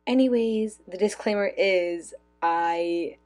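A young woman hosting her own podcast in a bubbly, loud, chatty way, full of "like" fillers, talking into a phone with a clip-on mic as if sending a voice memo. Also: mid-range voice, slow pace. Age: young adult. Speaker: podcast host. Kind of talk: casual chat, like a voice memo. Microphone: phone with clip-on lav mic.

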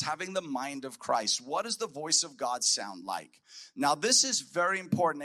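Male preacher, bright, slightly high, emphatic delivery, conference sermon. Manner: emphatic, repeats key phrases. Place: conference hall.

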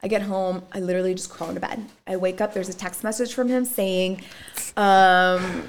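A woman chatting casually, telling her story with blunt, animated energy. She swears freely and acts out what others said, her voice sitting at a mid pitch. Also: fairly quick, vocal fry. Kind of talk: casual chat.

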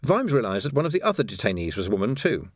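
A man reading a novel aloud as narrator in a measured, expressive way. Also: medium pitch, husky, no room sound, studio quality. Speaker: audiobook narrator. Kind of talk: scripted narration.

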